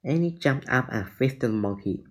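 A man reading a children's adventure book aloud, deliberate with small slips. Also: medium pitch, lively intonation, rough recording. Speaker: reader.

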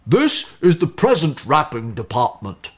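A man voicing a jolly, proud old Father Christmas in a storybook reading, slow, hearty and theatrical with a gravelly edge. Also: a little high, huge pitch swings, pitched above the performer's own voice, heavily acted.

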